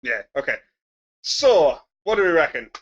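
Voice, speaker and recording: A man co-hosting a podcast, loud and chatty with frequent laughter. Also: fairly high pitch, sing-song, normal speed, muffled recording. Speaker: podcast co-host. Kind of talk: casual banter.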